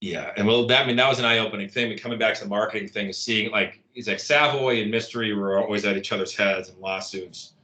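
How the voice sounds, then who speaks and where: Rambling man telling a story, bright voice. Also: lowish voice, fairly even intonation, quick pace, few pauses. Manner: rambling, lots of "like" and restarts, laughs at his own story. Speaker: interview guest, copywriter. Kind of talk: casual storytelling in an interview.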